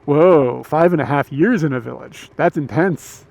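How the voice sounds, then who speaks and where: A man's voice: on the high side, measured pace, creaky, a little mellow, dry recording, poor audio. An American man in his thirties, hosting a livestream from a moving car, chatting casually with his viewers in a rambling, laid-back way. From United States. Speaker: livestream host. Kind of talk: casual chat with stream viewers. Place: inside a moving car on a road.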